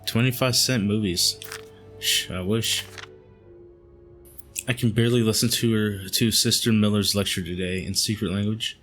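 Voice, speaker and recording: Low-voiced man reading game letters. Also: faint music behind. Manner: calm, measured reading, with asides. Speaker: gaming channel host. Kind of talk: let's play, reading in-game letters aloud.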